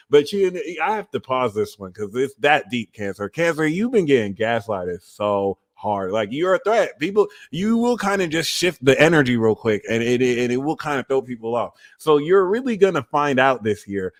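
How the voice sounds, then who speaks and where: A man's voice: on the high side, big pitch swings, normal speed. A man giving a casual astrology reading, blunt and profane, who often acts out quoted voices. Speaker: astrology reader.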